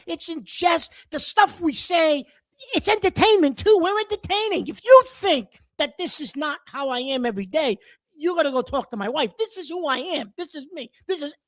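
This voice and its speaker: A man co-hosting a casual sports talk show, rambling and self-deprecating, coughing and clearing his throat now and then. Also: very high-pitched, no echo, clean studio sound.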